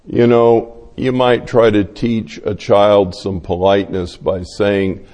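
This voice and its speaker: A man preaching a sermon, telling stories slowly and acting out the voices of the people in them. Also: fairly low pitch, little pitch movement, mellow, big-room sound. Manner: slow, storytelling delivery acting out quoted voices. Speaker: pastor.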